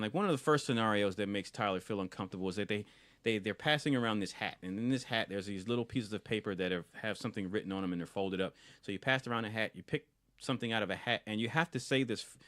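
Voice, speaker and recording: A man, a podcast co-host, retelling a film scene in casual review chat, animated and often restarting and repeating words. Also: fairly low pitch, no room sound, clean studio sound.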